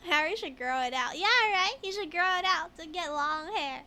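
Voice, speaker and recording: A woman's voice: very high voice, moderate pace, bright, forceful tone. A woman streaming a video game in a casual, chatty way, laughing often while she reads game text aloud and answers chat.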